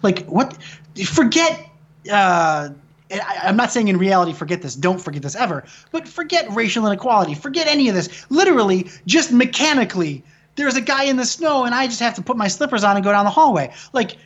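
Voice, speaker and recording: A man's voice: sits high, sing-song, brisk, a bit bright, muffled recording. A man in his thirties from Michigan, a filmmaker guest telling stories in casual conversation, swearing often and restarting sentences. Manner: rambling, profane storytelling with frequent restarts.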